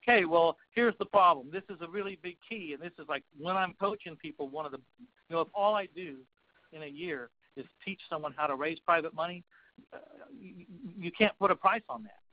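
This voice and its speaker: A man's voice: high-pitched, animated, fairly quick, highs cut off. A man who coaches real estate investors, talking in a folksy storytelling manner as a guest on a webinar. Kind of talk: webinar talk.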